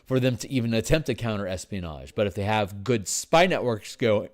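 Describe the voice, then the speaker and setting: A tired man working through game design on a livestream, thinking aloud with halting restarts and repeats. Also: on the low side, animated. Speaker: game designer streaming his work.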